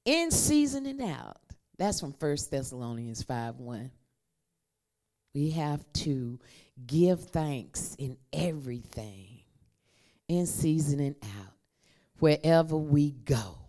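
A woman delivering a sermon in an unhurried, easygoing way, calling on her listeners to repeat her words back to her. Her voice sits low, but her pitch climbs and falls a great deal as she preaches. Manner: lively, conversational, leads the congregation to repeat after her. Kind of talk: sermon with call and response.

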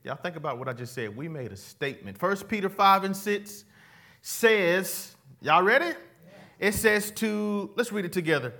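A man's voice: sits high, animated, normal speed, pushed and bright. A man preaching a sermon, speaking casually with slang and calling on the congregation to repeat words back to him. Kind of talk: sermon with call-and-response.

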